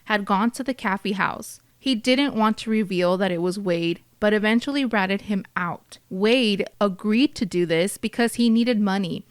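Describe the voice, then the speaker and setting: A woman's voice: medium pitch, clean tone, no echo. A woman hosting a true crime podcast, reading through a case with profane, outspoken asides.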